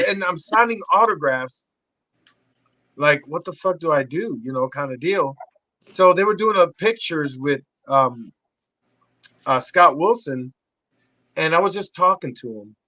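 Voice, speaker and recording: A middle-aged man talks as a podcast guest in a high, bright voice, cussing freely as he tells a story. He jumps sharply up in pitch whenever he acts out what someone said. The sound is close and dry, with no room in it. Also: no room sound, rough recording. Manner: animated, profane, acts out quotes with big pitch jumps. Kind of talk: casual storytelling chat.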